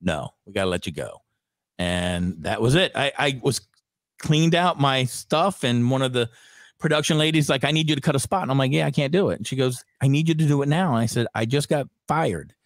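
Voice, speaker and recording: A middle-aged man from the Frederick area, a radio veteran, tells his stories in a loose, chatty way and acts out the people he quotes. His voice sits at an average pitch. The sound is dry and close to the mic. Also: a little fast, dry recording. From Frederick, Maryland area. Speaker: radio host guest. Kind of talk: casual storytelling interview.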